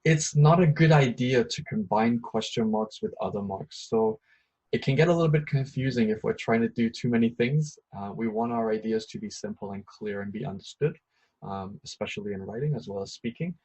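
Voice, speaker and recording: A man's voice: lowish voice, a little fast, darkish tone, husky, rough recording. A man teaching an English grammar lesson, patiently repeating each point with a few ums and uhs.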